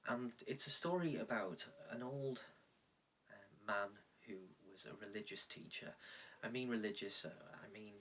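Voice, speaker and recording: A man preaching a reflective sermon, telling a story with measured pauses. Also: lowish voice, sharp tone, distant mic, slight background noise. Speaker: pastor. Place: indoors, recorded for online church.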